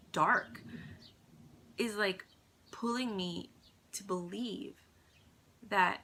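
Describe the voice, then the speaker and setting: A woman talking softly and earnestly in a personal spiritual vlog at home, sometimes dropping to a whisper. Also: mid-range voice, gravelly, a little hiss or hum. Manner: soft, earnest, drifts into whispers. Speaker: vlogger.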